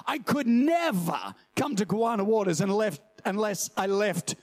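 Animated raspy male preacher. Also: normal speed. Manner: animated, jumps into high shouting voices for quoted people. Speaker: pastor. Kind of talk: lively sermon.

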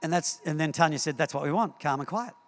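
A man preaching a sermon in a church, telling stories in an animated way and repeating words as he acts scenes out. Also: on the high side, quick pace. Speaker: pastor. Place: church hall. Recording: long hall reverb.

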